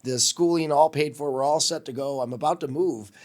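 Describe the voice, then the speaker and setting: A man in his fifties from Wisconsin, a longtime radio host, telling lively stories in an interview and acting out the voices of people he quotes. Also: on the high side, a little fast. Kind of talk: storytelling interview.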